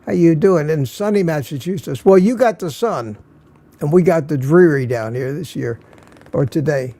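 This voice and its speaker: Hosting a laid-back live stream, an older man welcomes viewers one at a time, sounding tired and slightly slurred. His gravelly, mellow voice is pitched a bit high for a man, and he chuckles frequently between names. He talks at a normal speed, and there's no room sound.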